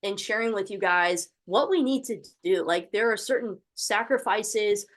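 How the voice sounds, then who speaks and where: A woman's voice: mid-range voice, normal speed. A young woman hosting a motivational video call, encouraging and full of faith-filled fervor. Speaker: host of an online training call. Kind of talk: motivational pep talk on a call.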